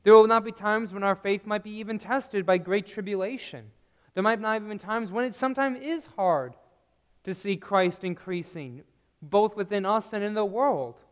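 A man preaching a sermon in a slow, earnest way, dropping to a hushed tone on key phrases, recorded in a church. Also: high-pitched. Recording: long reverb of a large hall.

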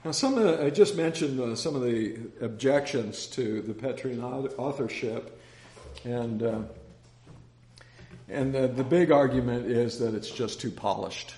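A man's voice: medium pitch, a little slow, mellow. A man teaching a casual Bible study, chatty and rambling, telling anecdotes with many restarts. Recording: roomy echo.

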